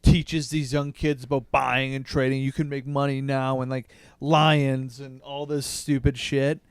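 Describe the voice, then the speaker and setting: A young man rambles through anecdotes in a relaxed podcast chat. His voice is smooth and clear at a middle pitch, and his delivery is easygoing. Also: unhurried, no room sound. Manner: laid-back, rambling anecdotes. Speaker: podcast co-host. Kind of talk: casual chat.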